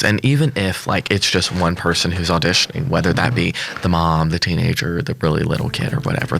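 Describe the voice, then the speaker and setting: Young man, low creaky voice, upbeat. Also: fairly bright tone. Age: young adult. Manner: upbeat, laughs often, rambling with fillers. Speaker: guest actor. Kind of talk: casual interview chat. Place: local studio.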